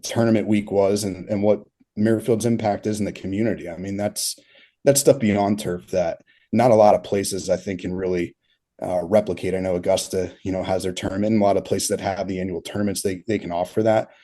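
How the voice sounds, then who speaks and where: Man, thirties, low voice, warm and mellow, rambling anecdotes, lots of fillers. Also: steady tone, fairly quick. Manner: rambling, filler-heavy storytelling with frequent laughs. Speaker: turf industry consultant, guest. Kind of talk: casual interview storytelling.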